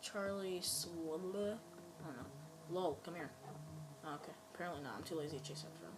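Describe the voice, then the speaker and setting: A woman's voice: lowish voice, steady tone, brisk, noisy background. A woman giving casual let's-play commentary, rambling playfully and talking at other players. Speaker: gameplay commentator.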